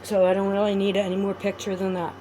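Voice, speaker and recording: A woman's voice: mid-range voice, monotone, quick pace, a little hiss or hum. A woman chatting casually to her viewers while crafting at home, rambling and friendly. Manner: rambling, chatty, talks to viewers warmly as "adorables". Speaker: vlogger.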